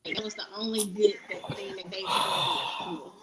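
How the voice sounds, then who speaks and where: A woman's voice: medium pitch, level tone, brisk, over a noisy crowd, poor audio. A woman co-hosting a casual chat show, stating her opinions bluntly and with emphasis. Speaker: podcast co-host.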